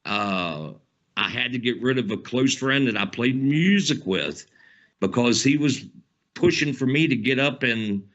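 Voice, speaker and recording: A man with a Southern twang rants hard and rambles, swearing freely and tossing in "man" every few phrases. His voice is bright and tense, and the dull lo-fi recording rounds off its top end. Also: medium pitch, lively intonation, a little slow. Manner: profane, rambling, says "man" often. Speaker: channel host. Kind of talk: heated political rant to camera.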